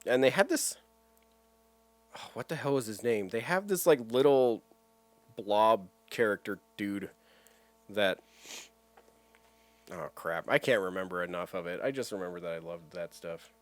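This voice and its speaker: A man's voice: on the low side, measured pace, pauses often. Laughing casual podcast man. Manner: animated, laughs a lot, mimics cartoon voices. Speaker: podcast co-host. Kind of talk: casual chat.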